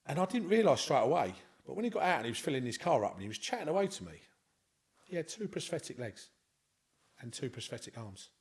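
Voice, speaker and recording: A man's voice: fairly high pitch, very animated, fast talker. A man with a London accent, a podcast guest telling a rambling, earnest story in casual chat. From Scotland. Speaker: interview guest.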